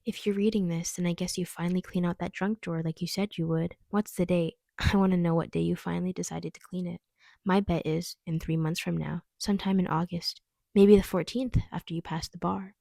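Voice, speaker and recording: A dying lover pours out a gentle, wistful farewell letter, read aloud by a woman. The voice sits low with a gravelly edge and sounds close and dry. The telling stays soft and earnest. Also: steady tone, a little fast, no room sound. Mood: tender, wistful. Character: terminally ill lover writing a tender farewell letter. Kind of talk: reading her own fiction aloud.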